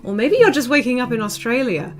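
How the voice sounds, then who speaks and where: A young woman streaming, chatting casually with her viewers, rambling with many ums and soft laughs. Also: fairly high pitch, big pitch swings, quick pace. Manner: rambling, frequent ums, soft laughs, talks to chat by name. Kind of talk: casual livestream chat. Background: soft guitar music.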